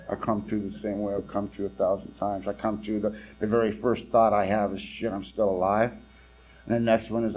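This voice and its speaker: A man gives a blunt, plain-spoken recovery testimony at a meeting. His voice sits at a middle pitch and keeps dropping low and quiet, then rising loud and lively. The recording is dull and lo-fi. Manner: blunt, storytelling, swings between quiet and loud. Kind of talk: personal testimony talk.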